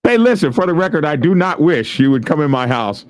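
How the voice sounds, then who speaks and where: Male host, laughs a lot, animated delivery, dry close mic. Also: fairly high pitch, fairly quick, no echo. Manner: laughs often, reads news aloud and riffs on it. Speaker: show host. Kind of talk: casual news commentary.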